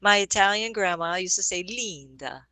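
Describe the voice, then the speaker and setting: A chatty woman with a low-pitched but bright, forceful voice, talking casually as a podcast guest. She rambles, laughs easily and spells words letter by letter. The sound is dry and close. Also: a little slow, no echo, poor audio. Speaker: guest musician.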